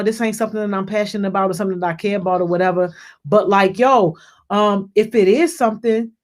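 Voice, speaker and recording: Upbeat youth leader full of "yo"s. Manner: peppers speech with "yo", repeats and restarts phrases; energetic, rises in pitch and volume when greeting people by name. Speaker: youth program leader hosting a group call. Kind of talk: casual shout-outs and encouragement.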